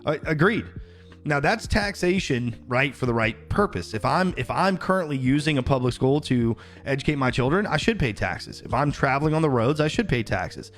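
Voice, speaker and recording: A man's voice: mid-range voice, lively intonation, normal speed, fairly bright tone, soft background music. A man ranting on a casual livestream, heated and profane, greeting viewers in between.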